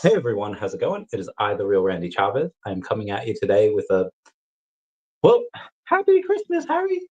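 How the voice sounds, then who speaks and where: A man's voice: fairly low pitch, animated, fast talker, darkish tone, highs cut off. A man hosting a casual vlog, telling a rambling, crude story with goofy asides. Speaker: vlogger.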